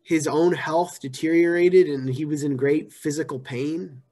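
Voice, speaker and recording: A man's voice: on the high side, fairly even intonation, measured pace. Conversational man preaching a sermon. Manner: conversational, repeats phrases, shifts from hushed to emphatic. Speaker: pastor.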